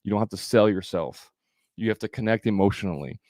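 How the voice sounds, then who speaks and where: A man's voice: fairly low pitch, a little fast, a little mellow, no room sound, clean studio sound. A man giving a live sales training as coach, talking conversationally with fillers and restarts.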